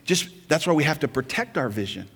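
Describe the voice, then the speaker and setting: High-voiced, bright preaching man in a hall. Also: sing-song, brisk, gravelly, husky. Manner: preaching with rising emphatic intensity. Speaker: pastor. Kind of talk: sermon.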